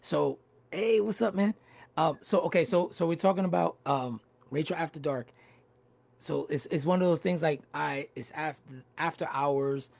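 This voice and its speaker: A man hosting a livestreamed interview, asking long, halting questions full of restarts. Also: a little high, creaky, darkish tone, no room sound. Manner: halting, many fillers and restarts, easygoing. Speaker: host. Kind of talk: casual interview. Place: home, livestream.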